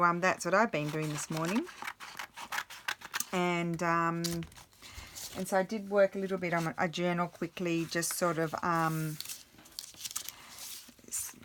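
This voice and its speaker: A woman's voice: fairly low pitch, background noise. A woman in her forties chatting casually about her day while crafting, rambling with many fillers and restarts. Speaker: craft vlogger.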